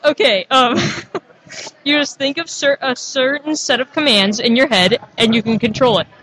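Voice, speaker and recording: A woman's voice: high-pitched, moderate pace, a bit bright, slightly rough, poor audio. A young woman co-hosting a casual tech chat, upbeat and giggly as she presents a gadget segment.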